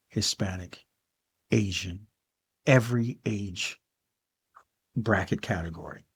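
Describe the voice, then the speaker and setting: A man's voice: fairly low pitch, darkish tone, husky. An older man hosting a podcast, giving solo political commentary in an emphatic way and addressing the listener directly with frequent "okay"s. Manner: emphatic, talks straight to the viewer with frequent "okay"s. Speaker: podcast host.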